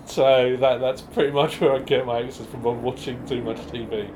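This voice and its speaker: Chatty self-deprecating man, mid pitch. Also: fairly even intonation, a little mellow, slight background noise. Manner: chatty, self-deprecating, fast bursts with restarts. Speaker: improv performer guest. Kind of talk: casual interview chat.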